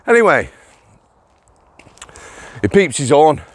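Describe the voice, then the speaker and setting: A man's voice: on the high side, big pitch swings, takes it slowly, dry recording. A middle-aged man, chatting to viewers on an outdoor walking vlog, laughing and addressing them directly. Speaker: vlogger, former prison officer. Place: outdoors on a walk.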